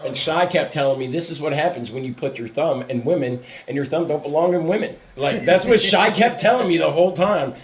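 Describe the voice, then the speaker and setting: A man's voice: fairly high pitch, brisk, few pauses, a crowd in the background. A man telling a rowdy story in a casual podcast chat, swearing freely and laughing often. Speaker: podcast host.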